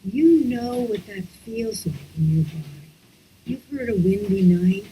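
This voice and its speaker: Female somatics teacher, slow and mellow, half-whispered guidance over a computer mic. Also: medium pitch, expressive, a little hiss or hum, low-quality recording. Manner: slow, soft-spoken, often drops into whispers. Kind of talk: guided breathwork lesson.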